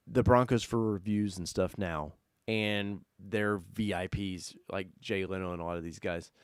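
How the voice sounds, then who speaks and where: A man hosting a casual live-stream car chat, talking loosely and excitably, jumping from loud bursts to mutters. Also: fairly low pitch, clear, resonant tone, no room sound, clean studio sound. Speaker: host.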